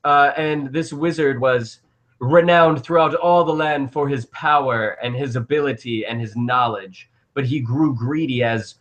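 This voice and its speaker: A man voicing an old male guardian who tells an ancient tale slowly and grandly. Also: medium pitch, a bit bright, close to an everyday voice. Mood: lofty.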